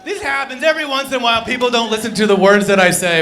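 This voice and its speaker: A young man performing a stand-up comedy set on a club stage, animated, jumping between loud bursts and low mutters. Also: fast, few pauses.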